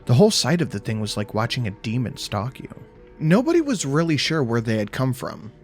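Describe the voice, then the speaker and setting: A man reads a first-person horror story at a middle pitch, his tone dry and sardonic, with frequent swearing. Faint music runs quietly under the narration. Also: a little fast. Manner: wry, profane, deadpan storytelling.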